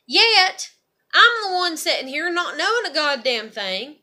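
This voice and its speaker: A woman's voice: extremely high pitch, sing-song, a little slow, pushed and bright. A woman, venting bluntly in a raw, profane, heartfelt monologue. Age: 30s. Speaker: vlogger.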